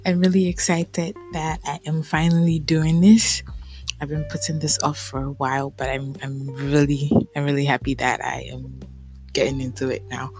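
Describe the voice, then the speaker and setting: A woman with a notably low voice hosts her solo podcast in loose, casual talk. She sounds a little out of breath and leans on repetition as she chats and apologizes. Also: darkish tone, low-quality recording. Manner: chatty and apologetic, repeats herself. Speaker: podcast host.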